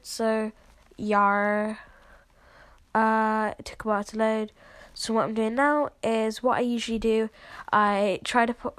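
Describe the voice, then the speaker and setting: A woman's voice: on the high side, clear, resonant tone, no echo. A sick, congested woman with a cough, chatting casually and apologetically as she walks viewers through her video editing. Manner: chatty and apologetic, lots of fillers. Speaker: video creator showing her editing process. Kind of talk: casual screen-recording walkthrough.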